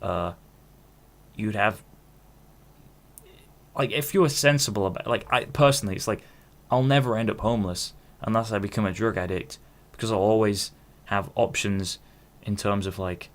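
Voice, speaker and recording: A man's voice: on the low side, moderate pace. A man in his twenties hosting a podcast, talking in a rambling, self-interrupting solo monologue with casual swearing. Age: 20s. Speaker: podcast host.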